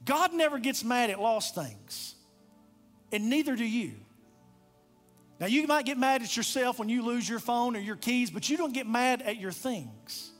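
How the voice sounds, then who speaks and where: A male pastor delivers a sermon in an impassioned storytelling manner. His voice sits very high, and soft music plays faintly beneath his words. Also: animated, measured pace.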